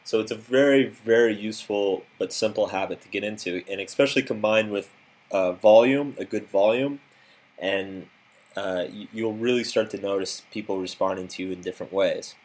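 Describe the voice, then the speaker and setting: Guy with a lowish voice coaching people, direct and instructive, some ums. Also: moderate pace, darkish tone. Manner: direct, instructive, with occasional fillers. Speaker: self-improvement coach. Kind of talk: recorded lesson narration.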